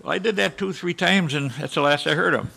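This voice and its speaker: A man's voice: fairly high pitch, quick pace, gravelly, pushed and bright. A man in his eighties, a war veteran on a panel, telling a live audience a vivid battle story and sounding out the gunshots himself. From United States. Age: 80s. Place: conference hall panel.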